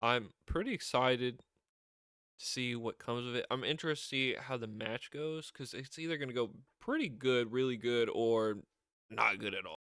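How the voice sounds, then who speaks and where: Excitable man rambling through a recap. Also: mid-range voice, normal speed, smooth, no room sound, clean studio sound. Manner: excitable, rambling, laughs often, many fillers and restarts. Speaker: wrestling show reviewer. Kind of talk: casual solo recap.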